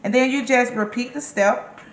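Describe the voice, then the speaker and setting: A woman's voice: on the high side, normal speed, reverberant, a little hiss or hum. A woman giving a casual, chatty cooking demonstration in her kitchen, encouraging the viewer with emphatic repeated words. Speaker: home cook and caterer.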